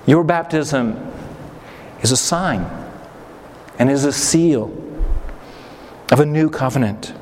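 A man pastor preaching a sermon, pausing for effect and briefly acting out the people he quotes. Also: mid-range voice, darkish tone. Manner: preaching with acted-out quotes and dramatic pauses. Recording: reverberant hall, faint noise.

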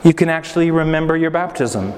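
A man pastor preaching a sermon, pausing for effect and briefly acting out the people he quotes. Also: a little high, lively intonation, a little mellow. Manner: preaching with acted-out quotes and dramatic pauses. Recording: reverberant hall, faint noise.

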